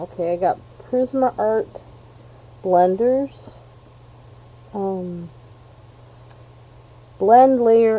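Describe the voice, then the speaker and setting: A woman's voice: medium pitch, vocal fry, warm tone, a little hiss or hum, rough recording. An American woman from New York State, chatting casually while unboxing art supplies, full of ums and self-deprecating asides. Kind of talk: rambling casual chat.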